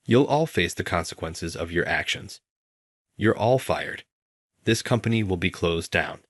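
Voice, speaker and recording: A man's voice: deep voice, animated, a little slow, a bit bright, no room sound, studio quality, full character voice. A man reading the lines of an older company president who speaks earnestly and apologizes as a father. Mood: stern.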